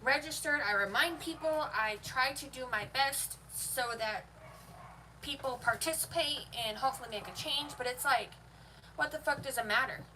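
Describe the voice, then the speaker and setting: A young woman delivers a heated, profane, emphatic rant to camera. Her voice is bright and on the higher side. She sits a little back from the mic, with a faint hiss under her words. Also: normal speed. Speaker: vlogger. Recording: voice a bit far from the mic, faint noise.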